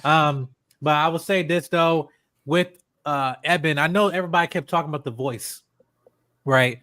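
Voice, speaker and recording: A man's voice: a little high, normal speed, dry recording, studio quality. A man, a guest on a live stream, chatting casually about a movie trailer with lots of fillers and laughs. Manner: animated, laughing, many fillers. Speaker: guest panelist.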